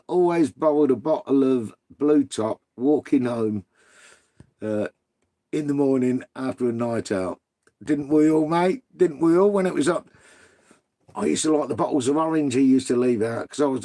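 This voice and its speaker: A man's voice: medium pitch, dark tone. A middle-aged man, chatting casually on a live stream, swearing freely and bantering with viewers. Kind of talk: casual live-stream chat reading comments.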